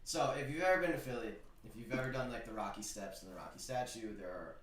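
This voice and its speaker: A man's voice: mid-range voice, fast, a little hiss or hum. A man in his twenties co-hosting a sports betting show, telling stories in casual chat and swearing freely. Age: 20s. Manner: animated storyteller, swears and laughs while retelling. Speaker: sports betting podcast co-host. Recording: roomy, distant mic with faint ambience.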